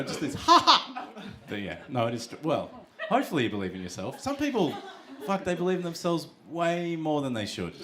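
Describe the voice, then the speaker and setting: A man with an Australian accent doing a stand-up comedy set on a club stage. He swears freely and acts out characters in quick put-on voices. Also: medium pitch. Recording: loud noisy live room with audience laughter.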